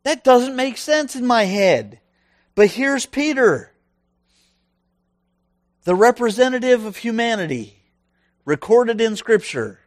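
A middle-aged man preaching a sermon in a conversational, animated way, often asking his listeners questions. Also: sits high, no room sound, studio quality.

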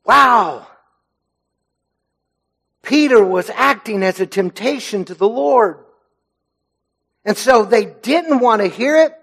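A man preaches a sermon from a church pulpit. His voice sits fairly high for a man, and he speaks earnestly and with emphasis. His phrase endings often sink low and quiet. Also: lively intonation, slow pace, gravelly, long pauses. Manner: earnest, emphatic, lets phrase ends drop low and soft. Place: church sanctuary.

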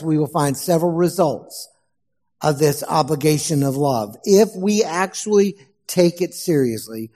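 A man preaching a sermon as pastor, slow and emphatic, asking the congregation questions. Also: on the high side, a little mellow, long reverb tail.

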